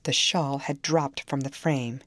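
A woman narrating a classic novel in a measured, calm storytelling manner. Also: rumbling low, dry recording. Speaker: audiobook narrator.

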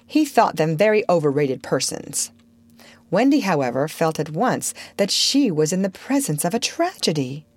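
Woman, storybook narration, expressive, lowish voice, dry close recording. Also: normal speed, no echo. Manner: expressive, varied storytelling delivery.

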